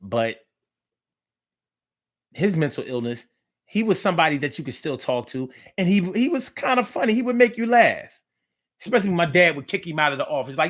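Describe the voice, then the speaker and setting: Male host, fairly high voice, loose and profane, repeats lines for effect. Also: brisk. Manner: animated, profane, repeats phrases. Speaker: talk show host. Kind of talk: casual storytelling to live listeners.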